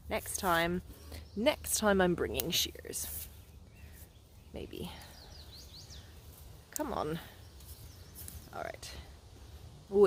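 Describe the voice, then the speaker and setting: A woman's voice: fairly low pitch, slight background noise. A woman putting on a British accent, chatting casually and whimsically while walking through the woods and filming on a handheld camera. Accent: put-on British. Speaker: nature vlogger. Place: outdoors in the woods.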